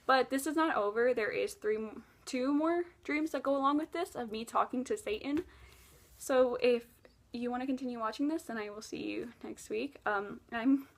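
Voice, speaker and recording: A woman tells a painful personal story straight to camera, earnest and emotional. Her voice sits a little higher than average. She swings between loud outbursts and hushed, almost whispered moments. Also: normal speed, gravelly. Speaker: vlogger. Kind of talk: confessional storytelling vlog.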